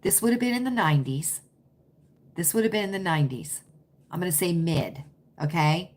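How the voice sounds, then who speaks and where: A woman's voice: on the low side, animated, moderate pace, a little mellow. A woman hosting a casual livestream, chatting and answering viewer comments in an emphatic, repetitive, opinionated way. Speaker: livestream host.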